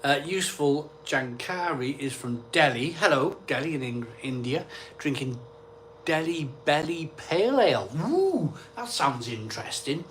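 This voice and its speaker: A man's voice: on the high side, expressive, unhurried, fairly bright tone, slight background noise. Chatty man hosting a live stream. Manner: chatty, reads out comments and replies offhand. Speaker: live stream host reading viewer comments. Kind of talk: casual live chat.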